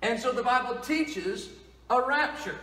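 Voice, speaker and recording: A man's voice: very high-pitched, lively intonation, measured pace, bright, forceful tone, reverberant, big-room sound. A male pastor preaching a sermon in a plain-spoken, folksy storytelling manner.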